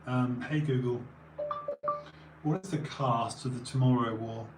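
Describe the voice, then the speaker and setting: An unhurried man with a mid-range voice rambles casually on a stream over loud music, tired and sniffly from a runny nose, full of digressions and restarts. The room is echoey, with faint background noise.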